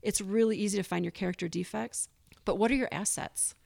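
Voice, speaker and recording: Brisk and darkish, with vocal fry and fairly even intonation at a medium pitch, a woman appears as a guest in a candid recovery podcast interview. She shares openly and sincerely, sometimes performing what she once thought to herself.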